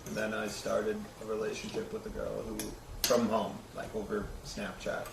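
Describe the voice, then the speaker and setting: A young man in his twenties talking casually in a flat manner. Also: fairly low pitch, normal speed, gravelly, very noisy. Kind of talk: casual chat. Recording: roomy, far from the mic, loud clatter.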